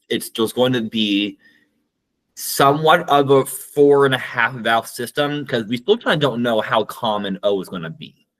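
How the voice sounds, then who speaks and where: Casting note: man, mid-pitched co-host, rambling, stammers and repeats words in casual chat. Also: a bit bright, low-quality recording. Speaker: podcast co-host. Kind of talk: casual chat about conlang sound changes.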